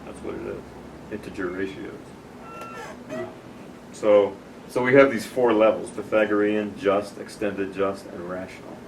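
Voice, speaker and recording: A presenter with a lowish, steady voice demonstrates tuning software for a small group, explaining things casually and patiently step by step. He speaks a little slowly, leaving long pauses, and is recorded by a distant room mic with background noise.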